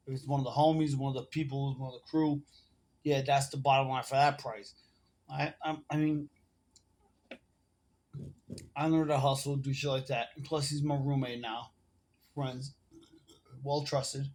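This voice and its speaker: A man in his forties talks straight into his phone, spinning a long, meandering story. His speech is loose street slang, salted with swearing and filler. His voice sits at an ordinary middle pitch. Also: flat delivery, moderate pace, long pauses, a little mellow. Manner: rambling, profane street slang. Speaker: vlogger. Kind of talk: casual storytelling to camera. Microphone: phone camera.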